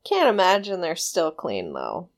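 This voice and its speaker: A woman's voice: fairly low pitch, wildly swooping pitch, measured pace, creaky. A woman chatting casually while watching a movie, joking wryly and laughing often. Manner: laughing, wry, sweary banter. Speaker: movie commentator. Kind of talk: casual watch-along chat.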